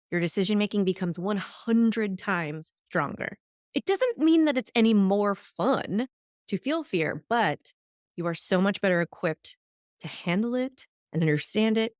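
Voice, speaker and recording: A woman hosting a solo podcast, teaching in an animated way and acting out the voices she quotes. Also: medium pitch, no room sound, studio quality. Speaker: podcast host.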